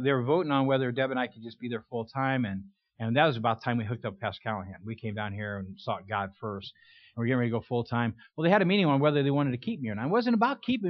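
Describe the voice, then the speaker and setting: A man's voice: medium pitch, no room sound. An older man preaching a conversational sermon in a church, telling stories with folksy humor. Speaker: guest preacher. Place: church sanctuary. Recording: dull, lo-fi dry sound.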